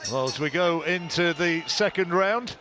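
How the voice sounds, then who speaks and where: Brief: male fight caller, measured play-by-play, busy crowd noise behind. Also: fairly high pitch. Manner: measured play-by-play, rising on big shots. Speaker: boxing commentator. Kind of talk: live fight commentary. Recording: commentary mix with loud arena noise.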